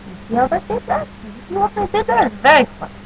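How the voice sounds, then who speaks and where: Woman, webcam vlogger, deadpan jokes in a put-on mock Russian accent, dull lo-fi audio with faint hum. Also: high voice, fast. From New Jersey. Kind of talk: comic accent-challenge vlog.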